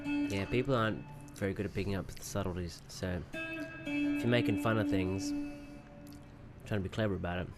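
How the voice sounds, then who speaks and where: A man hosting a casual podcast chat, asking relaxed questions with dry humor. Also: on the low side, moderate pace, loud music behind the voice. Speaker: podcast host.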